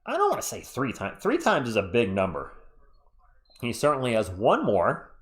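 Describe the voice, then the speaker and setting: A man's voice: mid-range voice, wildly swooping pitch, normal speed. A man hosting a fan live stream of a basketball game, calling the plays while chatting with viewers in the chat, sounding a little congested. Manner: chatty, reads live chat between calls. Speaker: live stream play-by-play host. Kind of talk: fan play-by-play commentary with chat.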